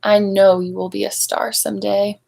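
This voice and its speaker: A woman voicing a gentle, loving mother elephant in a storybook, speaking tenderly and reassuringly. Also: mid-range voice, little pitch movement, normal speed, creaky.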